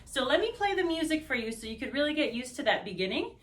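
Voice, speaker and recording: A woman's voice: high voice, very animated, quick pace, a bit bright. A woman teaching a belly dance routine, counting beats aloud and humming the rhythms with syllables. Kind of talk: dance tutorial instruction. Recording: echoey room, voice picked up from a distance.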